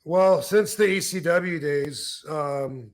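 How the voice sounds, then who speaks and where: Podcast host, man in his fifties, relaxed rambling storyteller, slightly higher voice. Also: slow pace. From Michigan, USA. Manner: rambling, with many restarts and fillers. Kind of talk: casual storytelling.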